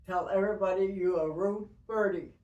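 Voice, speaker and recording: A woman's voice: medium pitch, fairly even intonation, normal speed, warm tone, distant mic, lo-fi sound. Older woman, teasing, off-mic in a room. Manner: mock-hurt, teasing back and forth. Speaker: grandmother teasing the family parrot. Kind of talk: casual banter with a pet. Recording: roomy, from off-mic.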